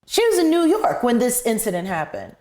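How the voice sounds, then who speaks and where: A woman's voice: fairly high pitch, huge pitch swings, fairly quick, a little mellow. A woman hosting an interview who stops to recap and check the facts for her audience. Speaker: talk show host.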